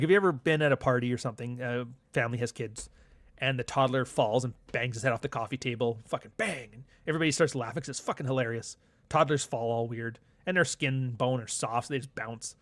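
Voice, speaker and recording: A young man hosts a livestream, wandering from point to point in a profane, sardonic rant. His voice sits at an ordinary middle pitch. The recording is dry and close, with no room sound. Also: no echo. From Canada. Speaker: livestream host. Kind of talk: casual ranting monologue.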